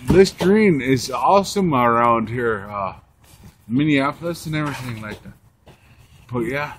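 A young man putting on a drunk, rambling grown man who talks slowly and halts over many fillers, as a comic impression among friends. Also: medium pitch, expressive, slight background noise, natural voice.

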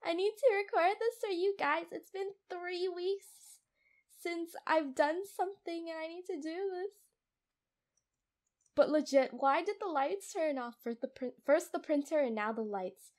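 A young woman narrates her own survival game from a home desk microphone, her voice sitting high and bright. She is jittery and easily startled, giggling and making fun of herself between frights. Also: unhurried. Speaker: gamer playing a survival game. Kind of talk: casual let's play commentary. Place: room at home.

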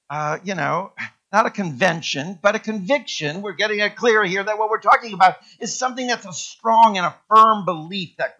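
A male pastor preaching a sermon in a church, emphatic and repeating key words with sweeping rises in pitch. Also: pushed and bright, highs cut off. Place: church sanctuary.

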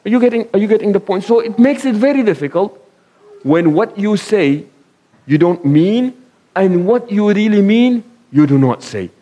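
A man's voice: high-pitched, animated, moderate pace, warm tone, dull audio. A man giving a conversational sermon to a live audience, asking them questions, telling anecdotes and sprinkling in Arabic phrases. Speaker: imam giving a talk.

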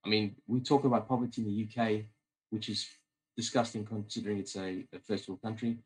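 A man's voice: fairly low pitch, steady tone, a little fast, a little mellow, husky, rough recording. A man with a South African accent, chatting at length as a podcast guest, rambling and often restarting his sentences. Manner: talkative and rambling, many restarts. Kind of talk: casual interview chat.

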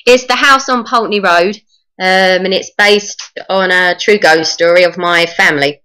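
A woman's voice: on the low side, moderate pace, sharp tone, smooth. A woman author talking in an interview, friendly and rambling with lots of ums. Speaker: author guest.

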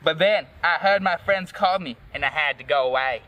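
A man's voice: fairly high pitch, moderate pace, pushed and bright. A man reading a fan story aloud as host, in a comic, dramatic first-person narration.

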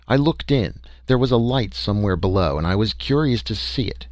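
A man's voice: on the low side, lively intonation, fairly quick, no room sound. A man reading a story as a first-person audiobook narration, in a folksy, conversational way with small hesitations.

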